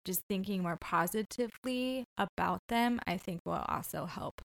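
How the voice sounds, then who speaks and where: A woman's voice: mid-range voice, normal speed, creaky, fairly bright tone. A woman in a mid-range voice co-hosts a casual podcast. She speaks earnestly and reflectively, with an easy, conversational flow. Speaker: podcast co-host.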